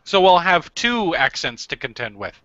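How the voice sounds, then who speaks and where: A man's voice: on the high side, big pitch swings, a bit bright, dry recording. A man hosting a casual comedy podcast, joking and laughing often. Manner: joking, laughs often, quick jokey asides. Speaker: podcast host. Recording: dull lo-fi sound.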